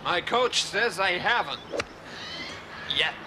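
An actor playing an easygoing showman golfer, talking in slow, breezy showbiz patter, on a noisy old TV soundtrack. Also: high-pitched, animated, a loud crowd. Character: smooth crooner-style male golfer, easygoing showman.

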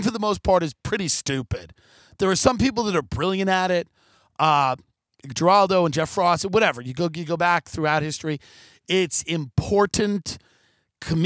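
In a ranting comedic monologue on his podcast, a man swears, rambles and sneers sarcastically, imitating his critics in silly voices. He has a high, fairly bright voice, recorded with no echo.

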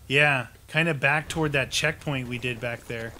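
An excitable man chatting through a co-op game session, calling out each thing he finds. His voice sits at a middle pitch. Clear noise runs behind him. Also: moderate pace. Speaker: co-op gaming channel host. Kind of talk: casual gameplay chat.

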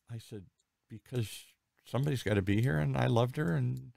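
A man in his sixties hosting an interview, telling personal stories in a candid, rambling, animated way. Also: medium pitch, fairly quick, creaky, dry recording. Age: 60s. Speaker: podcast host. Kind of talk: conversational interview.

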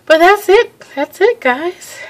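A woman's voice: very high-pitched, lively intonation, slow pace. Breathless chatty woman vlogging. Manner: chatty, laughs often, restarts sentences. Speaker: pregnancy vlogger. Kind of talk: casual vlog update.

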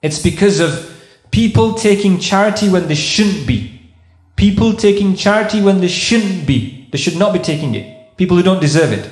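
A preacher with a high-pitched voice addresses a mosque congregation. He patiently unpacks Arabic terms and repeats his points for weight. His voice rings through a reverberant hall. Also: expressive, normal speed, faint music behind. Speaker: mosque speaker. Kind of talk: sermon.

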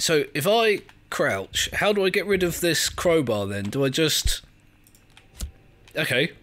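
A man's voice: a little high, fairly bright tone, slight background noise. An English man giving chatty, self-mocking let's play commentary as he plays a video game, often laughing and reading on-screen text aloud. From England. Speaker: gaming video creator.

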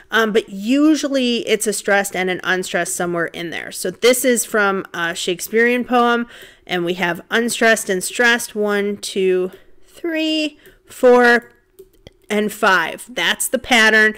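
A literature instructor records a lecture over slides, chatting casually and thinking out loud with frequent ums while counting beats. Her voice is slightly high and a little bright.

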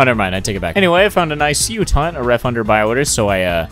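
Animated young guy narrating gameplay. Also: mid-range voice, rapid-fire, hardly any pauses, soft background music. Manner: excitable, sarcastic, swears a lot. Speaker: gaming YouTuber. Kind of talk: gameplay voice-over commentary.

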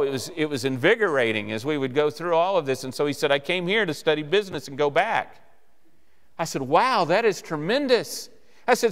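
A male guest preacher delivering a sermon, telling stories and acting out the dialogue with lively shifts. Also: a little high, smooth. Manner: animated storyteller acting out dialogue. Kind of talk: sermon storytelling. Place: church sanctuary. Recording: church hall reverb.

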